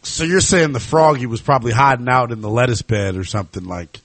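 A man's voice: medium pitch, brisk, dry recording. A man hosting a sports talk show, chatting casually with lots of fillers. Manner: conversational, animated, lots of fillers.

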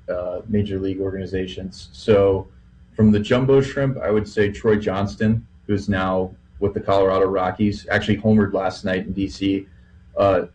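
A man's voice: fairly low pitch, a little mellow, a little hiss or hum, rough recording. A man who broadcasts baseball, telling stories in a rambling, easygoing way full of fillers on a casual podcast. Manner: rambling, filler-heavy storytelling.

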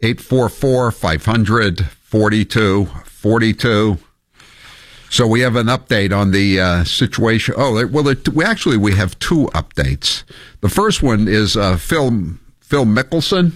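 A man's voice: on the low side, expressive, measured pace, dry recording. A male talk radio host, delivering news with wry, offhand asides. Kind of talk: casual talk radio banter.

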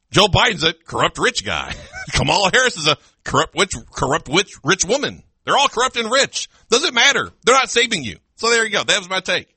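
High bright-voiced guy on sports radio, ranting loud and laughing a lot, dry close studio mic. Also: big pitch swings, normal speed, husky, no room sound. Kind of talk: sports talk radio banter.

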